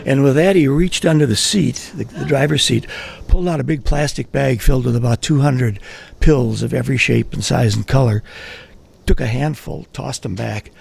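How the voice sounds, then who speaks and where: A man telling a funny personal story live with wry, deadpan delivery. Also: medium pitch, normal speed, vocal fry, slightly rough. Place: live event at a writers' center.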